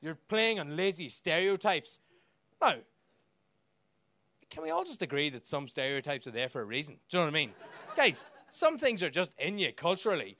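An Irish man on a comedy club stage, firing off profane stand-up with a raised, high-pitched voice. He talks brashly and teases the audience, close on a handheld mic. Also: bright, forceful tone, slight background noise. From Ireland. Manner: brash, profane, rapid banter with the crowd.

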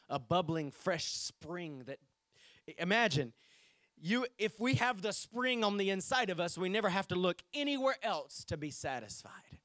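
A man's voice: high voice, fairly bright tone, dry recording, clean studio sound. A man preaching a sermon to his congregation, reading scripture aloud and speaking to the people directly. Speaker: pastor. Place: church sanctuary.

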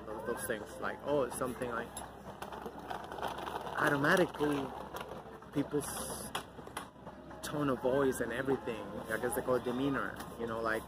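Blunt middle-aged man over loud traffic. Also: mid-range voice. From Mexico. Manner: blunt, outspoken, rambling with many fillers. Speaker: vlogger. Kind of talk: casual outdoor vlog rant. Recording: loud outdoor traffic noise.

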